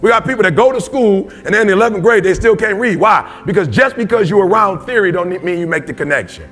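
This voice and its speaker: A man's voice: sits high, lively intonation, fast talker, fairly bright tone, soft background music. A man giving a motivational speech, telling personal stories emphatically and calling out to his audience. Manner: emphatic, personal storytelling with audience call-outs. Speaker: motivational speaker.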